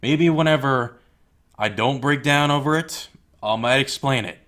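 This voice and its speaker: A man's voice: medium pitch, unhurried, fairly bright tone. A young man ranting to his viewers in a blunt, heated, profane way. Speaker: YouTuber. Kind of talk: angry rant to camera.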